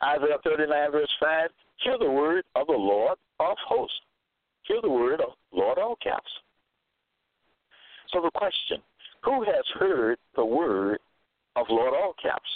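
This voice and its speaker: A man's voice: on the high side, very animated, takes it slowly, no room sound. A man reading scripture verses aloud and then interpreting them, repeating key phrases for emphasis. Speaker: self-styled religious teacher. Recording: thin phone-like dry sound.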